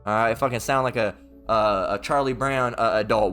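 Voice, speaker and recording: Heated, profane Southern preacher. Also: male voice, mid-range voice, normal speed, a bit bright, faint music behind. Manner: reads scripture then rants. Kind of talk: informal Bible teaching sermon.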